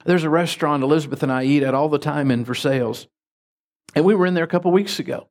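A man preaching as a pastor, telling folksy stories with lively jumps in his voice. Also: quick pace. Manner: folksy, animated anecdotes with sudden pitch jumps. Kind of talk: sermon with storytelling.

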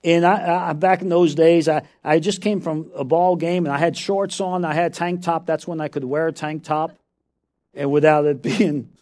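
A man's voice: a little high, steady tone, moderate pace, darkish tone. A middle-aged man preaching a sermon, telling a story with frequent laughter and repeated calls of "come on".

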